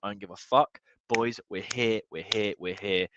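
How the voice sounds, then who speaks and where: A young man watching a football match live, tipsy, swearing and swinging from low muttering to excited yelling. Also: normal speed, no room sound. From United Kingdom. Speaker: football fan streamer.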